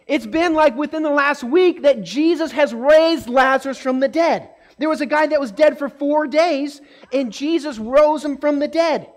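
A woman with a high, bright-pitched voice tells a Bible story to a group of children. She is animated and keeps asking the kids questions. She also acts out the voices of people in the story.

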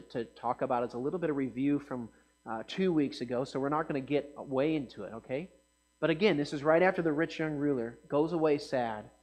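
High-voiced man preaching over mains hum. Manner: conversational, animated asides to the congregation. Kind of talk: sermon with scripture reading.

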